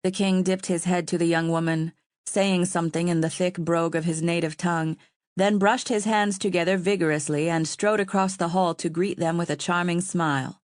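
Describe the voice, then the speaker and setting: A woman narrating an audiobook in a steady, even storytelling manner. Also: on the low side, normal speed, no echo, clean studio sound.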